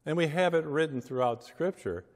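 A man, a pastor, reading scripture and preaching a sermon with measured, emphatic delivery and deliberate pauses. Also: on the high side. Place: church sanctuary. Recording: long church reverb.

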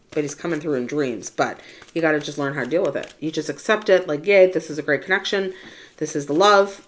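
A woman giving a casual, chatty tarot reading to her viewers. She often checks in with "right?" and addresses the listener as Divine Feminine. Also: sits low. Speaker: spiritual tarot reader.

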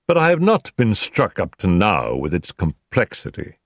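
A man playing a crisp, assured detective. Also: on the low side, huge pitch swings, moderate pace, dry recording, studio quality. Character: man playing a brisk, confident male detective.

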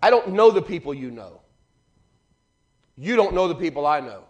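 A man preaching a fervent sermon in church, building rhythmic refrains and swinging between loud and hushed. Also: a little high, very animated, normal speed. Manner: fervent, rising and falling in volume, repeated refrains.

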